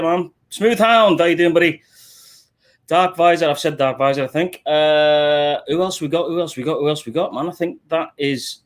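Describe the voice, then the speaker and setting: A middle-aged man with a Liverpool accent hosts a live stream in a casual, chatty way, greeting viewers one by one as mate and buddy into a desk microphone. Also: a little high. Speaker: livestream host.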